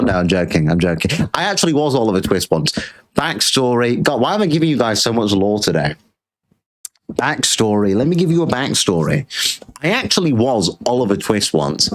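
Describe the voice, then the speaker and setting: British male streamer, sarcastic crude rant, mid-pitched voice. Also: very animated, normal speed. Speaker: streamer host. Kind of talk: livestream rant.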